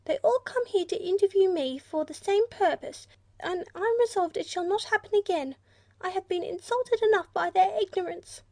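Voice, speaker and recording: A prickly, self-important little platypus speaks in a shrill, irritable pitch that sits well above an ordinary voice, as a woman reading the story puts it on. He sounds huffy and easily offended, a fussy storybook creature. The sound is close and dry. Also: moderate pace, a little mellow, no echo. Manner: high-pitched, irritable, haughty.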